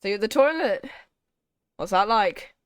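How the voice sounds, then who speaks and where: A woman's voice: medium pitch, animated, unhurried, smooth. A British woman streamer chatting casually as she plays a game and reacts to it. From Britain. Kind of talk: casual chat while playing a game. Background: game music.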